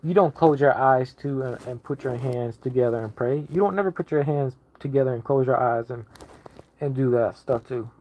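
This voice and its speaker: A man's voice: mid-range voice, moderate pace. A man delivers a casual online sermon in a mid-range voice, pressing each point with emphatic repetition and frequent restarts. The recording is muffled and lo-fi. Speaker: lay preacher.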